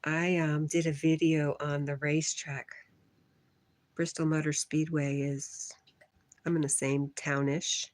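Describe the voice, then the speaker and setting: A woman's voice: low voice, level tone, measured pace, dry recording. A middle-aged woman hosting a casual livestream from her porch, reading chat comments aloud, teasing and laughing often.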